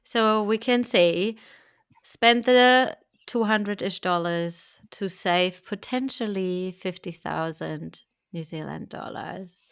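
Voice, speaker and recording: German-accented woman hosting, gravelly and slow. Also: fairly low pitch, no room sound, studio quality. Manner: chatty, thanking, laughs easily. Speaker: podcast host. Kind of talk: casual interview chat.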